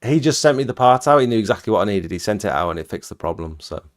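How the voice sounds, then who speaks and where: A man with a low, deep voice talks through cleaning equipment in a relaxed, advising way. He chats casually as the host of a live stream. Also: fast talker, slight background noise. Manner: relaxed, advising, chuckles while telling stories. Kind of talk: casual chat about roof cleaning gear.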